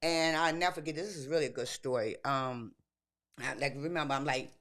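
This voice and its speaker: A woman in her sixties, a podcast guest, telling lively stories in casual chat and acting out her younger self. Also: extremely low pitch, a little fast. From Baltimore. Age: 60s. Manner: animated storyteller, acts out her younger self.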